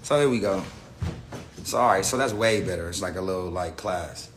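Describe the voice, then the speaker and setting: A man's voice: sits low, moderate pace, noisy background. A man ranting unscripted to his viewers, profane and rambling, often restarting his sentences. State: says he is high. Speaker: person telling his side of a story.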